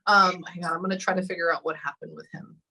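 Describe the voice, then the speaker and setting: A woman's voice: lowish voice, fairly even intonation, sharp tone, low-quality recording. A woman working as a psychic medium during a live reading session, often stopping to say hold on and um. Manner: halting, often pausing with hold on and um.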